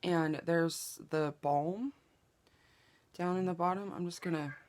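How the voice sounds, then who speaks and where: At a home makeup table by an open window, a woman from Southeast Oklahoma, US, talks through a casual tutorial as a beauty vlogger. Her low, darkish voice takes its time. She keeps it chatty and self-mocking, slipping into whispers while she applies products.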